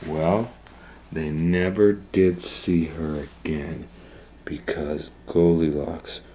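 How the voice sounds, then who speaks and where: A man reading a picture book aloud to children, animated and shifting between loud and hushed delivery. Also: a bass voice, takes it slowly, a little hiss or hum. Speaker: storytime reader.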